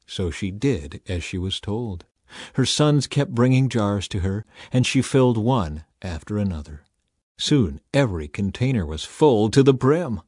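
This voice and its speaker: A man narrating a scripture story in a measured, deliberate reading style. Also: on the low side, lively intonation, a little mellow, no room sound, studio quality.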